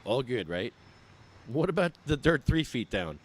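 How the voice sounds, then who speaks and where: Man, activist, sarcastic rant, lively swooping pitch, phone livestream outdoors. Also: measured pace, slight background noise. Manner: exasperated, ranting, sarcastic. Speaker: cannabis patient activist.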